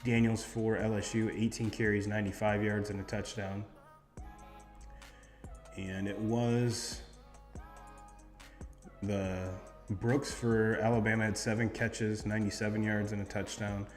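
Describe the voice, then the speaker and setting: Man, sports host, rambling stat recap, low voice, long echo, faint music behind. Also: little pitch movement, a little slow, long pauses. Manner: rambling, reads off stats with many fillers.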